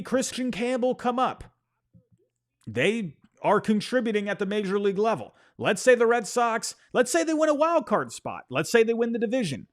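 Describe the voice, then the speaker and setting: A man hosting a casual sports opinion show, ranting in an exasperated way, repeating himself and apologizing for getting worked up. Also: high voice. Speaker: sports podcast host.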